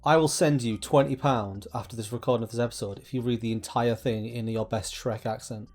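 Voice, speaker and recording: A man joining remotely for casual comedy banter, teasing and quick to laugh. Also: mid-range voice, fairly even intonation, a little mellow. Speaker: co-host on remote call.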